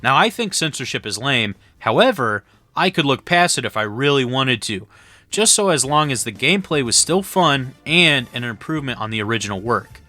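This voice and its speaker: Guy narrating a game review, bright voice, blunt and opinionated. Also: medium pitch, very animated, moderate pace, no echo, soft background music. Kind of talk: scripted voice-over review.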